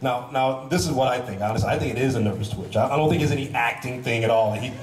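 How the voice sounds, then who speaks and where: A man's voice: medium pitch, soft background music. A man on a live panel doing playful comic impressions of his castmates for an audience. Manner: playful, teasing, with quick vocal impressions. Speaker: actor on a convention panel. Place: large convention hall with an audience. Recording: echoey hall, crowd noise, distant mic.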